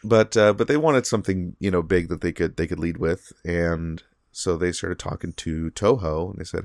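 A man with a fairly low voice co-hosts a casual podcast. He rambles through his points with frequent fillers and restarts. The sound is dry and close. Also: animated, a little fast, hardly any pauses, no echo. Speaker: podcast co-host.

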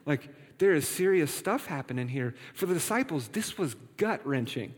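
Male pastor, slightly high voice, relaxed and joking, preaching in a church with a long echo. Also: normal speed. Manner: conversational, playful asides to congregation. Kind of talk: sermon. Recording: reverberant hall.

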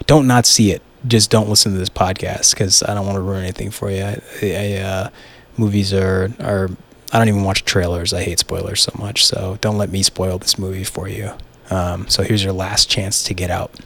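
Young male solo podcaster, low-ish voice, casual and excitable, lots of swearing and false starts. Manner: rambling, excitable, swears freely, many restarts. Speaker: podcast host.

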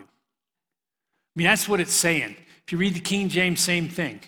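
A middle-aged man teaches the Bible to young people in a loose, chatty sermon and laughs at his own jokes as he goes. His voice is bright and sits a little high. It rings out in a large hall with a long reverb. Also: expressive, slow, long pauses. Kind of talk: casual preaching to a youth group.

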